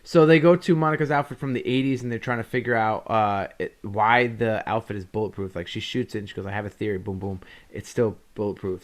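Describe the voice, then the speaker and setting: Man, podcast co-host, casual recap, rambling, mid-pitched. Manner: rambling, acts out quotes from the show.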